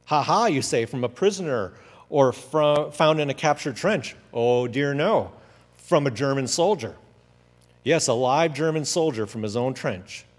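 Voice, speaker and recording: A man doing an excited young soldier. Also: mid-range voice, a little slow, voice pushed up. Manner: excited, teasing letter-reading. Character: cheerful young male soldier writing home. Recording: long hall reverb.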